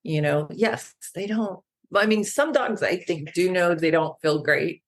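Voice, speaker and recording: A woman animal naturopath, a podcast guest, who tells stories in a lively way and acts out the people she quotes. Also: lowish voice, unhurried. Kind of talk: casual podcast conversation.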